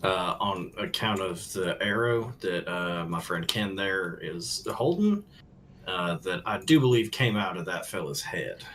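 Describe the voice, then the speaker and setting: A man's voice: sits low, lively intonation, unhurried, a bit bright, a little hiss or hum. A man playing a tabletop game, speaking in a folksy drawl as his character. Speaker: player.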